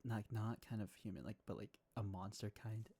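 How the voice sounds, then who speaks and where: A Southern American man with a low, mellow, slightly husky voice hosts a laid-back stream chat. He sounds easygoing and laughs often between his thoughts. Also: fairly even intonation, moderate pace. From Southern United States. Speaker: ASMR streamer host. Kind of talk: casual chat.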